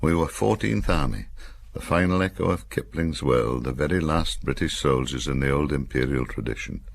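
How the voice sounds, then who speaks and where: A man's voice: extremely low pitch, normal speed, creaky. An older man from Cumbria, reading his own memoir as an audiobook with wry, dry-humoured storytelling.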